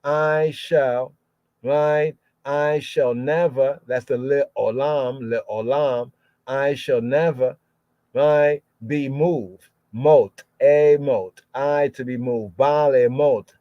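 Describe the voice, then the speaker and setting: A man's voice: medium pitch, dry recording. A man teaching scripture verse by verse, sounding out each word and repeating phrases many times. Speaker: Bible teacher. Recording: dull lo-fi podcast audio.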